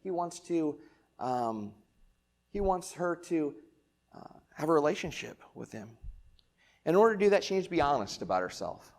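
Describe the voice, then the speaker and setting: A man preaching a sermon in a relaxed, talky way, full of "right?" asides to the congregation. His voice sits a little higher than most men's. He swings from loud, emphatic lines to quiet, close remarks. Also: normal speed, pauses often. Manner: casual conversational preaching with rhetorical questions. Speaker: pastor.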